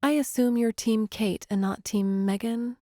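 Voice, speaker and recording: A woman playing a bubbly, quick-talking young American woman in a storybook reading, her voice lifting higher when she protests. The sound is close and dry. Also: fairly even intonation, dark tone, no echo, natural voice. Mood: playful. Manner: bubbly, quick, easily embarrassed.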